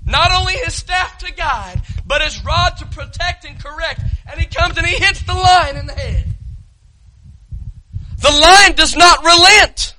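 A man preaching an impassioned sermon as pastor, telling a story dramatically and rising to shouts. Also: extremely high pitch, lively intonation, measured pace, a little hiss or hum, rough recording. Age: adult parent.

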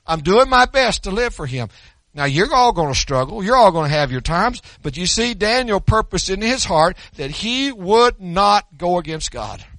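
A man's voice: high-pitched, very animated, moderate pace, a bit bright, no room sound. An older man preaching a sermon, swinging between folksy stories and emphatic preaching. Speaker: pastor.

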